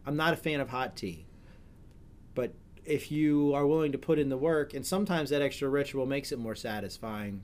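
With a mid-range, darkish voice at a moderate pace, a middle-aged podcast host chats casually. He wanders from point to point, keeps correcting himself, and jokes often.

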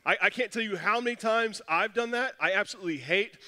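Guy pastor giving a laid-back sermon, kinda high voice, long church echo. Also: fast talker, sharp tone. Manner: casual, self-deprecating, storytelling with many restarts. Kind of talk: conversational sermon.

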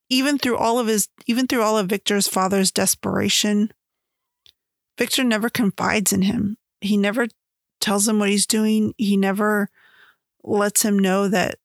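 A woman comparing a book and its film adaptation in casual, chatty commentary, laughing often and talking in an animated way. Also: mid-range voice, gravelly, dry recording, studio quality. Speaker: book reviewer.

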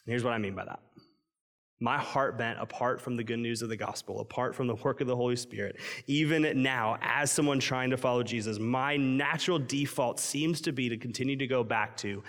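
A man's voice: mid-range voice, a little fast, fairly bright tone. A man preaching a sermon in a casual, conversational way, acting out inner voices and peppering his speech with "like". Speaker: pastor. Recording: long hall reverb.

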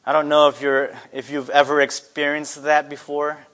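Male pastor, sermon, earnest, rhetorical questions, fillers, slightly high voice. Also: flat delivery, normal speed, fairly bright tone.

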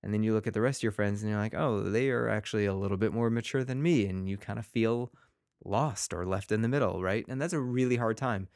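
A man with a lowish, smooth, resonant voice hosts his own podcast as a teacher. He talks in a loose, rambling way, pokes fun at himself and acts out quick quotes from his students. The sound is close and dry, with no room around it. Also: darkish tone, no echo. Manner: rambling, self-deprecating, plays kids' voices in quotes. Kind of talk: casual podcast monologue.

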